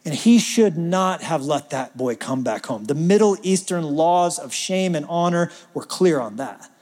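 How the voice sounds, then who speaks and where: A man preaching a sermon as pastor, talking like a conversation and swinging from loud emphasis to near-whispers. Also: fairly high pitch, expressive, unhurried, in a large hall.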